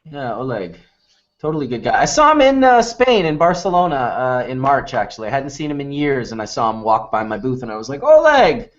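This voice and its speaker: A man's voice: medium pitch, a little fast. A man hosting a casual video chat, talking in a laid-back, rambling way with many fillers. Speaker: host. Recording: muffled lo-fi web stream.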